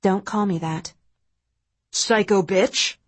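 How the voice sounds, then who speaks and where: A woman's voice: medium pitch, slow pace, husky. A woman voicing a bitter, furious husband in an audiobook, harsh and accusing. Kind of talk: audiobook narration.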